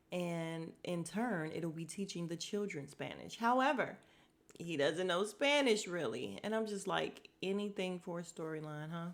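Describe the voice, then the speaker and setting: A woman hosts a casual podcast recap, talking straight to her listeners. She is blunt and opinionated, and she keeps slipping in sarcastic asides and exasperated remarks. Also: on the low side. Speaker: podcast host recapping a TV show. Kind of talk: casual chat.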